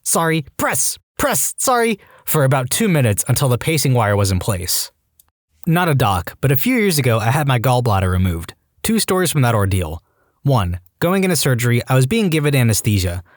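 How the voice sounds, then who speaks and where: Guy reading reddit-style stories, lots of pitch swing, super dry close mic. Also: no echo. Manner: lively, acts out quoted lines in shifting voices. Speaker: narrator reading online stories. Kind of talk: scripted story narration with acted quotes.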